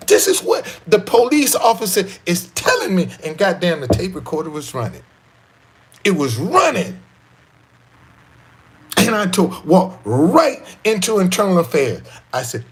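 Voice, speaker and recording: Husky, animated D.C. man. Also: high-pitched, unhurried. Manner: profane, repetitive, emphatic street talk. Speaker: guest telling his life story. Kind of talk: animated storytelling.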